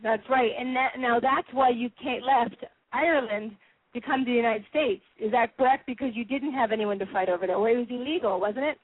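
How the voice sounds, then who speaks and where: A woman's voice: on the high side, brisk, breathy edge, dry recording. Chatty female radio host, phone-thin. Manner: chatty and animated, laughs often. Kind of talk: phone interview. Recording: tinny phone line.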